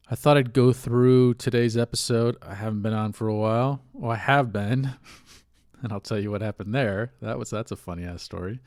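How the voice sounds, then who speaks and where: A man with a low, darkish voice rambles through a solo podcast, candid and rueful, his nose stuffy and sniffly from allergies. The sound is clean studio audio with no room sound.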